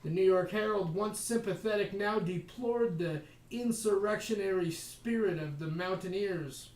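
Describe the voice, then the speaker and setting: A man reading a history book aloud as a podcast host, slowing down for emphasis and breaking off for wry asides. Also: high-pitched, darkish tone. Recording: echoey room, voice distant from mic.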